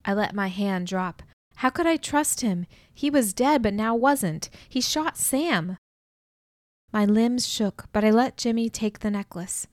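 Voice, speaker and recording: Woman narrating a novel, middle-pitched voice, dead dry close mic. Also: expressive, measured pace, darkish tone, no room sound. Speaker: audiobook narrator. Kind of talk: audiobook narration.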